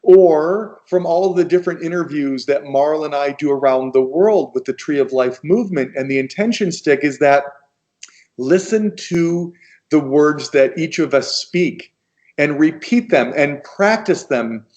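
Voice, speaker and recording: An American man speaking as a guest on a video call, talking in a slow, gentle and encouraging way. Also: fairly high pitch, muffled recording. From United States.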